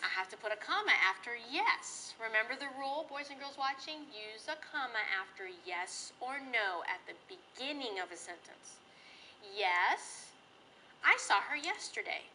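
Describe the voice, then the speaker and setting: Woman teacher in a classroom, bright voice, patient sing-song delivery, faint background hiss. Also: a little high, animated, moderate pace, hardly any pauses, low-quality recording. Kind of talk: classroom grammar lesson.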